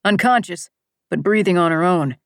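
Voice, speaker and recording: A woman voicing a kind, fatherly middle-aged man on a rescue boat, talking in a gentle, drawling, coaxing way. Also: lowish voice, moderate pace, dry recording, studio quality, close to an everyday voice. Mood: urgent. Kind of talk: audiobook character voice.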